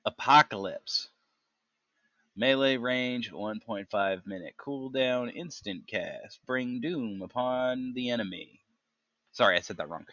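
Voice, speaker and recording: A man with a bright, forceful voice reads game ability text aloud in a relaxed chat, pausing to puzzle over names and think out loud. The sound is dry and close, though a little dull and lo-fi. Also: mid-range voice, no echo. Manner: reads tooltips haltingly, stumbles on names. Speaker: gaming podcast host. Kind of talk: casual chat reading game talents aloud.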